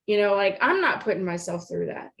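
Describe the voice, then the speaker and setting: A woman's voice: medium pitch, very animated, a little fast, creaky, fairly bright tone. Reflective woman with dry retorts. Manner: reflective, asks probing questions, dry retorts. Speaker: podcast co-host. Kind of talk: casual chat.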